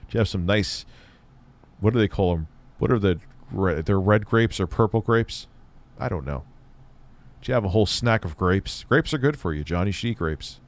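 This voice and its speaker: A man's voice: sits low, moderate pace, long pauses. A man hosting a live stream, mocking an old tech review with sarcastic, swearing asides. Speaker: host reacting to an old review video. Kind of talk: casual livestream commentary.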